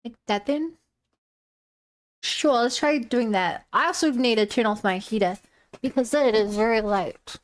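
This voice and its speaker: High-voiced young woman streamer. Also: unhurried. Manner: chatty and rambling, greets viewers, many "um"s and restarts. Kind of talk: casual live-stream chat while drawing and rigging.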